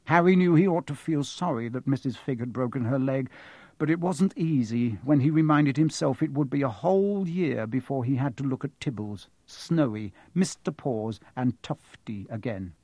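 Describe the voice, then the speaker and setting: A man reading a novel aloud as an audiobook, in an expressive, animated storytelling manner. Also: mid-range voice, moderate pace, no echo. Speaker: narrator. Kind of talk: audiobook narration.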